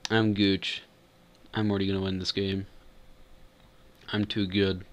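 A man giving relaxed gameplay commentary, often mumbling to himself. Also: low-pitched, measured pace. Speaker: gamer.

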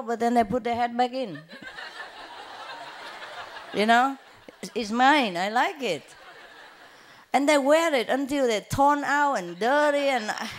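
A woman spiritual teacher giving an informal talk, chatty and rambling, telling personal stories and laughing often. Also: a little high. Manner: rambling with frequent fillers and restarts. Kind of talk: informal lecture with personal anecdotes.

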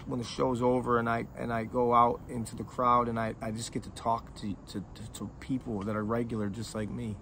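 A middle-aged man, an independent rapper, talking straight to his fans in a heartfelt, rambling way, emotional and profane, often halting and restarting. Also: mid-range voice, creaky, sharp tone, a little hiss or hum. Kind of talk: heartfelt, rambling direct-to-camera talk.

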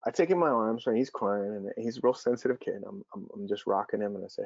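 Gravelly low man, earnest talk. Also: fast talker, few pauses, a little mellow, dry recording. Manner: earnest, storytelling, acts out quoted dialogue. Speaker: speaker on youth sports and child development. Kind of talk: presentation with personal stories. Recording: dull, slightly lo-fi dry recording.

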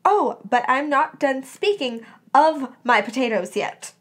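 A woman voicing a passionate, exuberant teenage boy wizard who declaims loudly in a storybook reading. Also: high-pitched, animated, fairly quick.

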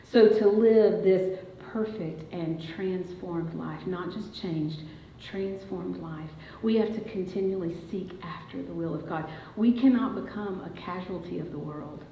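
A woman with a lowish, gravelly, mellow voice preaches unhurriedly in a church sanctuary. She tells a family story that builds to emphatic declarations, recorded with a dull echo and a slight hiss or hum.

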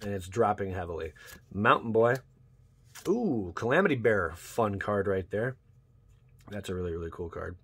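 A young man hosting his channel, chatting casually as he opens card packs and bursting into loud cheers over good pulls. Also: on the low side, animated, normal speed, long pauses, breathy edge. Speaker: YouTube channel host. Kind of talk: casual card-pack opening commentary.

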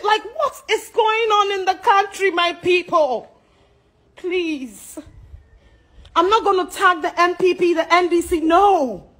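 A Ghanaian woman with a strikingly high voice rants about the cost of living. She is loud, fearless and fiery, cursing freely as she speaks. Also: rough recording. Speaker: social media commentator. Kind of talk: angry political rant.

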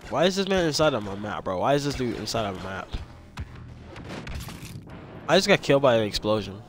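A young man, commenting on his own gameplay casually, excitable, repeating himself and yelping when attacked. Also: mid-range voice, a little fast, soft background music. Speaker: gameplay streamer.

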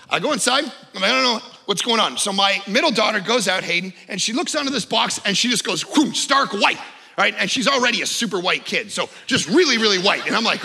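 A man preaching with a high, gravelly and sharply bright voice. He tells his stories with great energy, breaking into shouts and then dropping to a near hush. The sound carries the long echo of a large hall. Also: fast talker. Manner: animated storytelling, shouting in excitement then dropping low. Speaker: pastor. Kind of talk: sermon.

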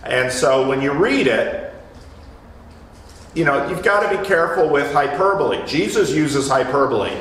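A man's voice: medium pitch, expressive, moderate pace, fairly bright tone, slight background noise. Man teaching a Bible study in an echoey room. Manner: explanatory, storytelling, restarts phrases. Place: church meeting room. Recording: echoey room, mic from a distance.

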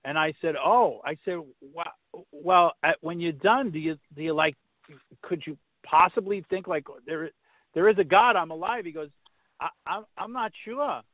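A man on a podcast telling a faith story casually, halting and restarting, turning preachy when he quotes scripture. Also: a little high, no room sound. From Massachusetts. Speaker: podcast guest. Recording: tinny phone-line sound, dry.

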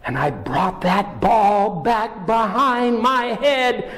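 Male storyteller, playful children's tale, drawn-out pacing, reverberant hall. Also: high-pitched. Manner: lively, playful, sound effects. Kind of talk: animated children's story narration.

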